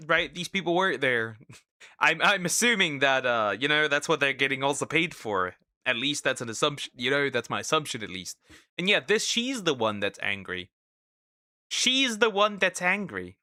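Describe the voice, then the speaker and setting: This is a man with a very bright, sharp voice, talking over clips he reacts to. He stumbles, restarts and repeats himself often. The sound is close and dry. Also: medium pitch, no room sound. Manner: hesitant, with many restarts and repeated words. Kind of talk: casual reaction commentary.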